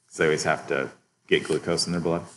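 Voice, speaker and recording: A man teaching a biochemistry lecture to a class, relaxed, checking in with students often and chuckling at his own asides. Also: sits low.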